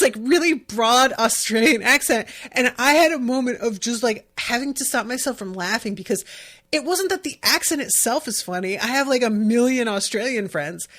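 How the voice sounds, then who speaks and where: A woman's voice: a little high, a bit bright. A young adult woman hosting a casual podcast recap, chatty and rambling, with lots of fillers and restarts. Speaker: podcast host.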